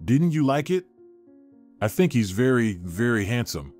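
A man voicing a young wife who calmly and sweetly mocks her cheating husband. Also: medium pitch, unhurried, soft background music. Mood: mocking. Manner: sweetly mocking, calm. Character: scheming wronged wife, young woman, mocking.

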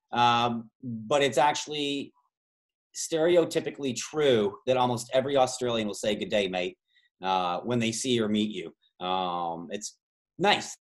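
Canadian guy hosting trivia on a video call, chatty, wanders off into side stories. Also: medium pitch. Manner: rambling, many fillers and side stories. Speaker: trivia host and tour guide.

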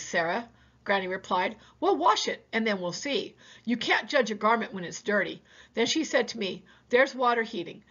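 Woman, teacher reading aloud to students, plain unhurried delivery, husky, muffled sound. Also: mid-range voice, a bit bright.

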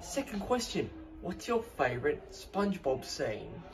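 A man hosting a casual backstage interview, reading out numbered questions haltingly. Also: on the high side, big pitch swings. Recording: distant mic with music behind.

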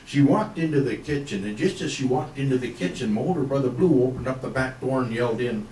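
A man doing stand-up storytelling, trading in slangy country yarns and chuckling as he goes, speaks fast in a dark, mid-range voice. He's captured from a distance in a roomy space, and faint hiss or hum can be heard.

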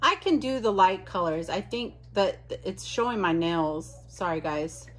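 A woman talks through an unboxing for her channel in a relaxed, unhurried way. She gushes and exclaims as she chats, with a voice of middling pitch. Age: adult. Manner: gushing, exclamatory, chatty. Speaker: vlogger unboxing mail. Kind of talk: casual unboxing chat.

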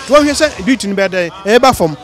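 Earnest high-voiced Ghanaian man, street interview. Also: expressive. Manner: earnest, pleading, halting with many restarts. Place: outdoors on a city street.

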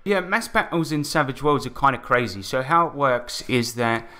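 A man's voice: medium pitch, lively intonation, moderate pace, sharp tone. A man hosting a podcast as game master, casually recapping a tabletop campaign, swearing freely and chuckling as he talks. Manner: laid-back, swears casually, chuckles mid-sentence.

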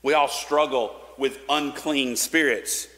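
A man's voice: medium pitch, fairly even intonation, takes it slowly, pushed and bright. A man preaching a sermon in a casual, conversational way, with fillers and restarts. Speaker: pastor. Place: church sanctuary. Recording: long church reverb.

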